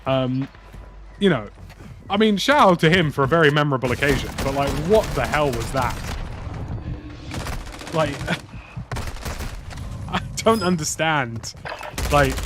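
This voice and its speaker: A British man casually telling a rambling, slang-heavy story while playing a game. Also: fairly high pitch. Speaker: gaming YouTuber. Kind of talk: casual anecdote over gameplay. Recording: game sound noise under voice.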